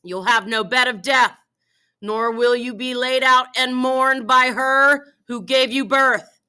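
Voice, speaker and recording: A woman giving voice to a merciless warrior who taunts a fallen enemy. The lines come slow and scornful, declaimed in a high, bright tone. It is read aloud in a classroom. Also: steady tone, smooth, full character voice.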